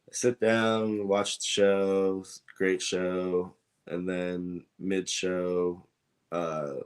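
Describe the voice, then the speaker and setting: A man, a guest on an interview show, telling a story in a casual, rambling way with many fillers and acted-out dialogue. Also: sits low. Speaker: belt maker, guest.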